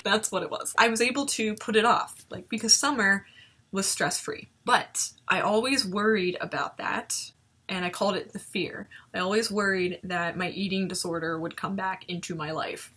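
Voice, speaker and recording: This young woman has a medium-pitched, sharp voice. She's a vlogger watching an old video of herself, reflecting in a casual, animated way, poking fun at herself and laughing often.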